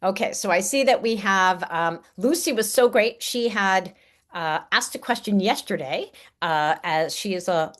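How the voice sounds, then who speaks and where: Upbeat woman coach on a video call, mid pitch, encouraging and chatty. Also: animated, unhurried, fairly bright tone. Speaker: speaking coach running a workshop. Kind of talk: online workshop instruction.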